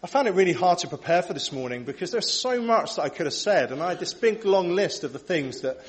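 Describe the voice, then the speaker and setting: A man in his thirties preaching a sermon at a church service, candid and animated as he tells personal stories. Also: high-pitched, fast. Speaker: preacher and worship leader.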